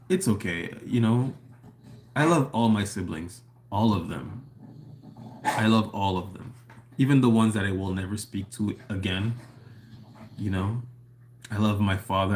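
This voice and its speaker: A man's voice: fairly low pitch, a little hiss or hum. A man hosting a casual livestream, talking in a rambling, earnest way full of "you know" while answering his chat from home. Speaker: livestream host reading chat. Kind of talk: casual monologue to a live chat. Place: at home with a dog nearby.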